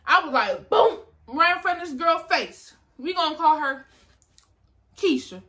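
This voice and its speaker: A young woman vlogger telling a story in casual chat, animated and acting out the people in it. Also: high voice, measured pace. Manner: animated, acts out voices in her story.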